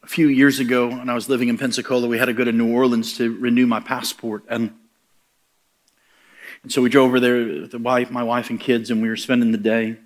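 A man's voice: mid-range voice, flat delivery, fairly quick. A middle-aged man preaching a sermon, telling stories and acting out the voices he quotes, building to emphatic punchlines.

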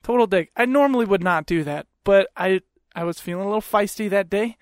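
A man hosting a podcast, telling a story in a profane, animated rant into a close mic. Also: high-pitched, a little fast, dry recording. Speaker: podcast host. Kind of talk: comedic storytelling.

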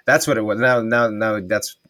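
A man with a lowish voice talks through his views in loose, rambling runs, restarting and correcting himself along the way. The sound is dry and close, with no room around it. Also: moderate pace, no room sound. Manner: rambling, animated, self-correcting. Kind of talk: casual political chat.

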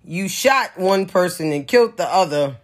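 A woman's voice: on the low side, animated, normal speed. Blunt, profane woman venting opinions. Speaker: commentator. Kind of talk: casual pop-culture commentary.

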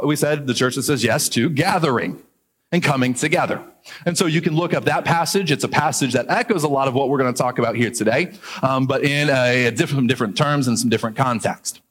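A man preaching a sermon as pastor, lively, joking aside now and then and drawing out key words for emphasis. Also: medium pitch, breathy edge. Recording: long hall reverb.

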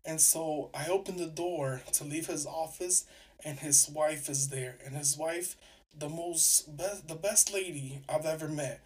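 A man's voice: a little high, a little slow, recorded from a distance. A young man from New York City, hosting a podcast and animatedly retelling a story, acting out both sides of the conversation. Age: young adult. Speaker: podcast host. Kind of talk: casual storytelling.

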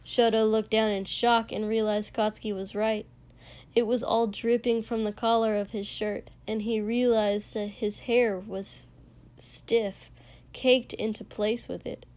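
A woman reading fiction aloud as narrator, in an unhurried, measured way. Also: mid-range voice, level tone, darkish tone.

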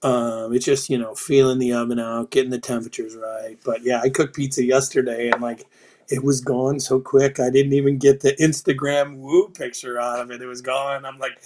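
Middle-aged retired army man as a guest, blunt and salty, mid-pitched voice. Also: level tone, normal speed, a little mellow, a little hiss or hum. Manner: blunt, profane, storytelling. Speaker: podcast guest, retired sergeant major. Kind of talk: casual interview chat.

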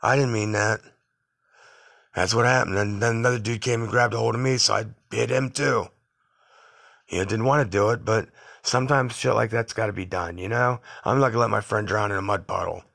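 Speaking briskly in a fairly low, creaky voice with a fairly bright tone, a middle-aged man hosts a podcast. His casual monologue wanders through blunt, tough-guy recollections of growing up.

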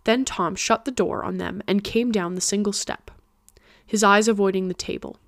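A woman podcast host narrating a classic novel in a steady audiobook reading. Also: medium pitch, normal speed, dry recording, studio quality.

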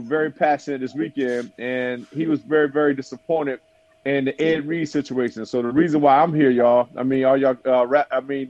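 A man's voice: medium pitch, a little mellow. Guy from south florida hosting over his cell, teasing and loose, kinda muffled lo-fi sound. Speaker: host. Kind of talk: casual chat on a phone call. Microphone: cell phone. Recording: dull lo-fi phone audio.

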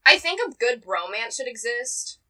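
Giggly bright young woman. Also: on the high side, normal speed, distant mic, low-quality recording. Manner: giggly, teasing, lively. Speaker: podcast co-host. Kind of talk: casual chat.

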